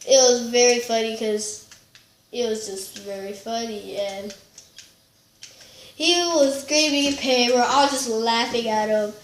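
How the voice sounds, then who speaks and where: A high-voiced woman tells a story in loose, casual chat, giggly and rambling with plenty of fillers. Her voice bounces around an echoey room. A faint hiss sits under it. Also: fairly even intonation, a little slow. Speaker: storytelling vlogger.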